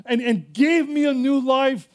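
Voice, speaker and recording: Man, pastor, high voice, fervent emphatic sermon, repeats himself. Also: measured pace. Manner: fervent, emphatic preaching with repetitions.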